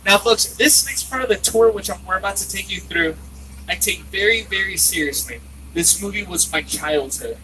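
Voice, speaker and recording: A man leading a theme park tram tour, joking and getting excited as he narrates. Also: high-pitched, moderate pace, far from the mic, slight background noise, poor audio. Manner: playful, jokey, excitable.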